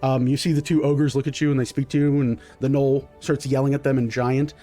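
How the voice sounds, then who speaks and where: A man's voice: medium pitch, little pitch movement, a little fast, mellow, faint music behind. A man narrating as game master of a tabletop game, rambling with many fillers.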